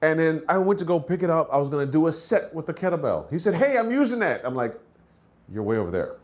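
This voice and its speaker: A man performing stand-up with a high, lively voice that swings all over the place. He acts out the people in his stories in loud, shrill voices, then slips back into low, muttered asides. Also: quick pace. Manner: animated, acts out characters in high shouted voices. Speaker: stand-up comedian. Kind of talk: stand-up comedy set.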